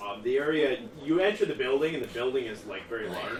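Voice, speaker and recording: A man running a tabletop game, describing scenes with fillers and pauses. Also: mid-range voice, lively intonation. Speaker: game master. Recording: echoey room, distant mic, noisy.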